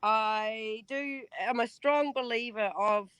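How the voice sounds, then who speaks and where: Kiwi lady guest on a video call, real slow, lots of ums, dry close sound. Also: on the high side, a bit bright, smooth, no echo. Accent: New Zealand. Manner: hesitant, many ums. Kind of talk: casual chat as guest.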